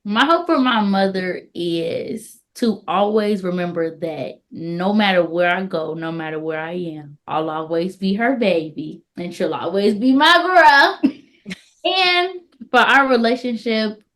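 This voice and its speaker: A young adult daughter answering interview questions, laughing lightly between phrases. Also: female voice, lowish voice, fairly bright tone. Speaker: guest, daughter.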